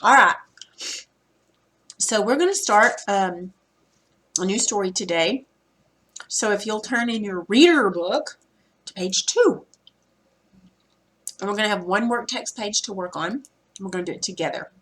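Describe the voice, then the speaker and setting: A woman teacher recording a reading lesson, explaining vocabulary words patiently and clearing her throat now and then. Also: medium pitch, expressive, a bit bright. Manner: patient, explanatory, spells out word meanings slowly.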